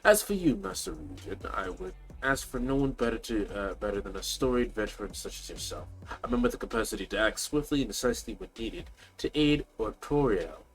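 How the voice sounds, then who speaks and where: A man's voice: fairly low pitch, big pitch swings, fairly quick, faint music behind, low-quality recording. A man voicing a stern, commanding elderly nobleman, reading formally with some stumbles.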